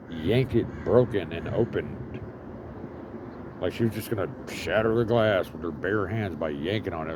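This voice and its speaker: A man's voice: deep voice, noisy background. A man telling a rambling story full of swearing and fillers, outdoors in an urban setting. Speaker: vlogger living homeless.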